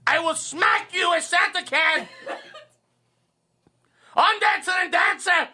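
Man doing a German-accented Santa, shouty, menacing, high, bright. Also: takes it slowly, full character voice. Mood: threatening. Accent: German (put on). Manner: shouted threats, laughing. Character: gruff German-accented male Santa Claus, threatening. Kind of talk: radio comedy sketch.

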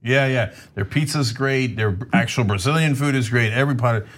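A middle-aged man hosting a podcast, chatting casually and telling animated food stories, laughing often and acting out other people's lines. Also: medium pitch, brisk. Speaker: podcast host. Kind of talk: casual chat.

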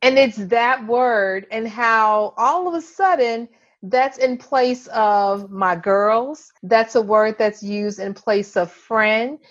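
A woman co-hosting a casual conversation, speaking in a lively, animated way. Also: on the high side, muffled recording. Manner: lively, animated, quick to jump in.

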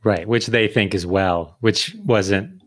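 A man hosts a casual chat in a playful way, laughing often and leaning on fillers. His voice sits fairly low. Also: slow pace, no echo, clean studio sound. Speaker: host.

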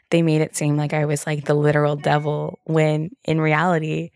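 A woman's voice: sits low, completely flat delivery, a little fast, creaky, no room sound, studio quality. A young adult woman hosting a solo podcast, talking candidly and casually with lots of fillers and the odd swear word. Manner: candid, chatty, swears freely, many fillers. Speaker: podcast host.

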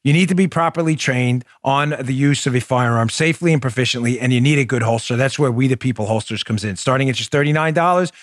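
A man's voice: medium pitch, quick pace, hardly any pauses, dry recording, clean studio sound. A man hosting a political talk show, emphatic and combative, speaking straight to his listeners and reading ads.

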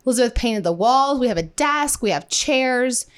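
A woman's voice: a little high, expressive, normal speed, smooth. A young woman from the Midwest co-hosting a casual podcast, upbeat and chatty, full of "like" and "um". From Midwestern United States. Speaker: podcast co-host. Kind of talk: casual chat.

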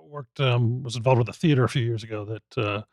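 A man hosting an interview podcast, talking in a halting way and searching for his words. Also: mid-range voice, darkish tone, dry recording, clean studio sound. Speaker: podcast host. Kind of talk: interview conversation.

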